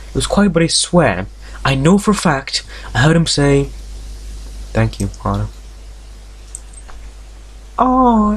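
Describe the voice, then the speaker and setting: A man hosting a let's play, reading a visual novel aloud and breaking off into jokes, tangents and frequent swearing. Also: medium pitch. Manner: reads story text aloud, stumbling over words.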